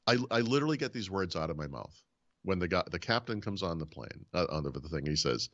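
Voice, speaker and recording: A man with a low voice chats casually on a podcast, swinging his pitch widely as he tells a story. He acts out the other people's lines as he goes. The recording sounds a little dull and lo-fi. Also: fast. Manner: animated storyteller, acts out quoted dialogue. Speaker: podcast host.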